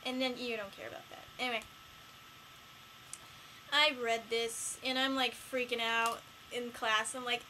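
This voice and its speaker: A teenage girl chatting casually in a home vlog, rambling and excitable with lots of fillers. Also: on the high side, a little slow, long pauses, slight background noise, poor audio. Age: late teens. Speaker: vlogger.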